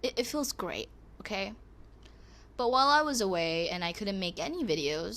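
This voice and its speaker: Lively teenage girl vlogging. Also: medium pitch. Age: teens. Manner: rambling, candid, exasperated rants with frequent restarts. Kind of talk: casual confessional vlog.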